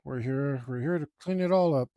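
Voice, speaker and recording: A man chatting casually as he works on his art, rambling and joking at his own expense, with loud groans at the dull parts. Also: medium pitch, moderate pace, no echo. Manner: rambling, self-deprecating, groans and sighs aloud. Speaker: artist streaming his drawing process. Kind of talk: casual talk while working.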